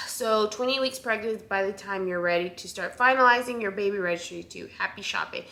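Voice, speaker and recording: Bright-voiced young woman, chatty vlog. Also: mid-range voice, normal speed. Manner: chatty, with frequent ums and restarts. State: a little out of breath. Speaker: vlogger sharing pregnancy updates. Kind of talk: casual chat to camera.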